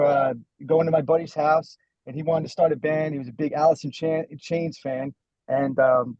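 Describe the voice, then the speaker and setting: A man's voice: a little high, dry recording, lo-fi sound. A man who sings lead in a band, chatting casually in a rambling, self-deprecating way with many restarts. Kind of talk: casual chat.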